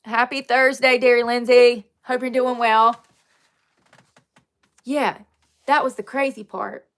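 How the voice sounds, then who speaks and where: Blunt, animated woman on a livestream. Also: a little high, slow pace. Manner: blunt, animated storytelling, laughs often. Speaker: livestream host. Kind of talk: casual livestream chat.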